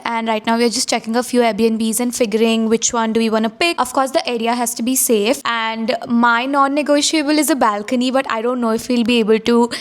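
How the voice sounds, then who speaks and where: A woman in her twenties chatting to camera in a casual vlog, gushing and excitable, repeating herself as she talks. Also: a little high. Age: 20s. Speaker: vlogger.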